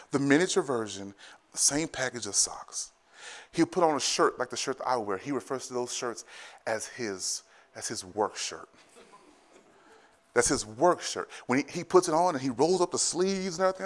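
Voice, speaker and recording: A man in his thirties, a pastor, preaching a sermon, telling family stories in an animated way, repeating phrases and often laughing. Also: mid-range voice, normal speed. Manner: animated storytelling, rising to loud excited bursts.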